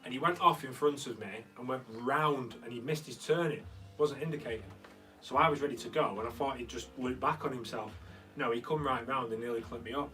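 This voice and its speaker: Hosting a relaxed live stream from a converted recording studio room, a young man with a medium-pitched voice talks a little fast, rambling through stories and reading out viewer comments as he answers. He sits slightly back from the mic, with faint guitar music in the background.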